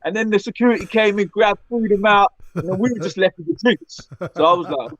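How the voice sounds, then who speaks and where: A man telling animated stories as a podcast co-host, often tagging his lines with questions. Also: high-pitched, a little fast, muffled recording, a crowd in the background. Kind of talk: casual chat, storytelling.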